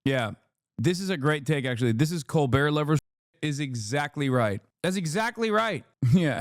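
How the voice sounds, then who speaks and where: A man's voice: medium pitch, clear, resonant tone, no echo, studio quality. A man in his thirties doing sarcastic, mocking reaction commentary on a live stream. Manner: sarcastic, mocking, quick asides.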